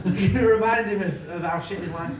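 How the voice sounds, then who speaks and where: A man's voice: high-pitched, fast talker, slight background noise. A man compering a live comedy night, bantering with the audience between acts. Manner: bantering with the crowd. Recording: echoey room, mic from far, loud crowd.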